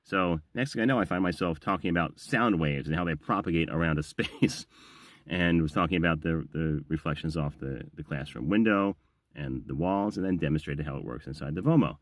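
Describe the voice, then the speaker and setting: A man's voice: a bass voice, a little fast, no echo. A middle-aged man, a voiceover actor and audiobook narrator, telling a story in a casual, chatty, self-deprecating vlog.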